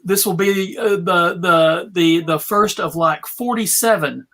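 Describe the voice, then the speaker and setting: A man hosting a video-call panel, introducing guests in a playful, drawn-out way. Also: sits high, bright, forceful tone. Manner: slow, playful, drawn-out phrasing. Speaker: panel host. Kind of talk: casual video panel chat.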